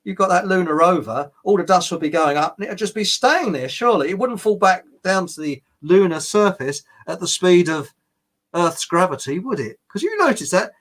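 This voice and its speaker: A man's voice: a little high, a bit bright. An older man with a British accent talks through a casual livestream and reads viewer comments as he goes. His voice sits a little above the usual male range. He chuckles often and rambles, restarting his sentences. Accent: British English. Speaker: livestream host.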